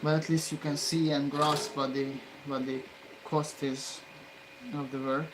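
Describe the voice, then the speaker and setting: In an unhurried, fairly high voice, a man records himself at his electronics bench, muttering and cursing as he solders. The quiet running commentary flares into loud, profane yelling, all over steady background noise.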